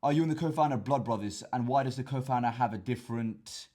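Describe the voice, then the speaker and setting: Young English male fitness vlogger, rapid delivery, slightly husky voice, chatty rambling Q and A host. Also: medium pitch, warm tone. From England. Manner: rambling, repeats words, addresses viewers as chaps. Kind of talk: casual Q and A to camera.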